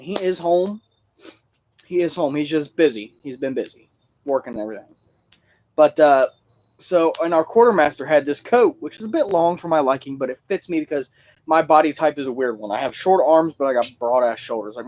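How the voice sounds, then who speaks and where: A Civil War reenactor hosts a casual livestream, rambling through stories and cracking jokes. His voice is a little high with a darkish tone.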